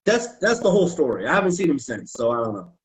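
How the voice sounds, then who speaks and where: A man tells wrestling stories on a podcast, swearing freely and acting out the people in them. His voice sits fairly high and his pitch jumps around a lot. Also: fast, low-quality recording. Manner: profane, animated storyteller who acts out quotes. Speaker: podcast guest, former wrestler and referee. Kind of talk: casual storytelling on a podcast.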